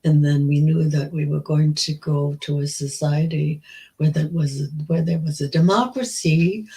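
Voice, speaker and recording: A woman in her nineties, a survivor, telling her memories in an interview, slow and halting with many restarts. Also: low-pitched, mellow, poor audio. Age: 90s. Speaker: Holocaust survivor guest.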